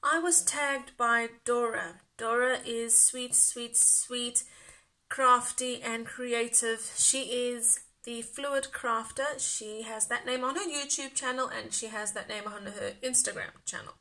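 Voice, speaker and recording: A woman's voice: a little high, steady tone, unhurried, few pauses, sharp tone. A woman from South Africa with a light South African accent, chatting casually and rambling in a craft vlog, laughing often. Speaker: craft YouTuber.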